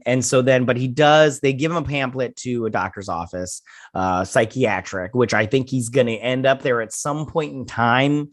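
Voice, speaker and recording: A man's voice: mid-range voice, fairly even intonation, normal speed, fairly bright tone. An American man talking through a show episode in a loose, casual review. He rambles, leans on fillers and often trips over his own words as he goes. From United States. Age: adult with children. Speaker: YouTube show host.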